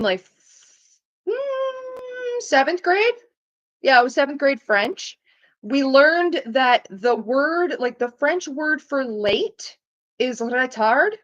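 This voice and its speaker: A woman's voice: sits high, a bit bright, lo-fi sound. A woman from Canada, chatting casually with her stream viewers and swearing freely, her talk full of "like". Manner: profane, rambling, fillers of "like".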